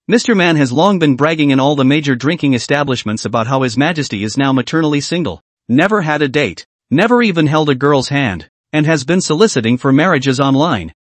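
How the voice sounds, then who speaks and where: A man's voice: on the high side, animated, fairly quick, no echo. A man reading as an easygoing young cook. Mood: wry.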